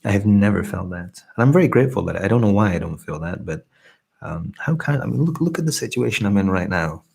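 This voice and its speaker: A Scottish man with a softened accent hosts a soft-spoken ASMR live stream, pausing between viewers' comments he reads out in an earnest, grateful manner. His very low voice is heavily gravelly and husky, yet expressive.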